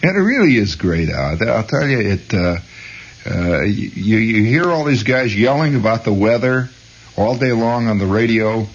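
A man's voice: fairly low pitch, expressive, measured pace, breathy edge, muffled recording. A man rambling hesitantly as host of a late-night radio monologue. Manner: meandering, hesitant, chuckling.

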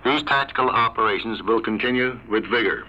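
A male air force commander reading a formal, prepared statement over the radio, deliberate and stiff. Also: medium pitch. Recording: muffled lo-fi 1940s radio relay.

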